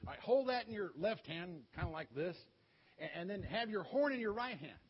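A man playing Gideon, a nervous, then eager, army leader giving plans in a chatty, husky voice. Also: high-pitched, lively intonation, brisk. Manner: eager, conversational commands. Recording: dull lo-fi sound.

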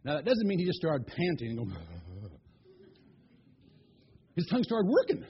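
Animated high-voiced male storyteller. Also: fast talker, husky, highs cut off. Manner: animated, asks listeners questions.

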